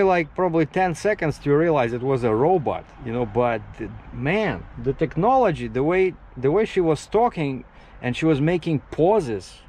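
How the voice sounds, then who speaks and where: A man's voice: fairly high pitch, a little mellow, low-quality recording. A man who drives trucks, chatting casually in a vlog while parked outdoors. He rambles, restarts his sentences and jumps from topic to topic. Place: outdoors at a truck parking area.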